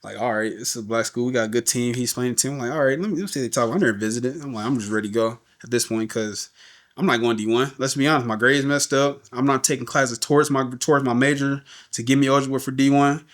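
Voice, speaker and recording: A man's voice: medium pitch, fairly even intonation, quick pace. An adult man, a podcast guest, candidly telling his life story in a loose, casual way, often repeating words and asking "you know what I'm saying.".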